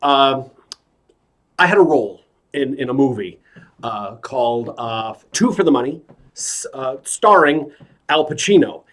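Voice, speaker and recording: Slow, deadpan male stand-up comic. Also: medium pitch. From New York. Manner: hesitant, deadpan storytelling. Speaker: stand-up comedian. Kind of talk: stand-up comedy set.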